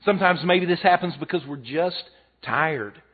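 A man's voice: a little high, moderate pace, breathy edge. A middle-aged man preaching a sermon in a folksy, conversational way, mixing scripture and jokes. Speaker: pastor. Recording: phone-like narrow sound.

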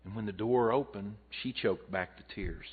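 A man's voice: lowish voice, normal speed, breathy edge. A male pastor preaching a sermon, telling a story and swelling and dropping his voice for emphasis. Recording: tinny phone-like audio.

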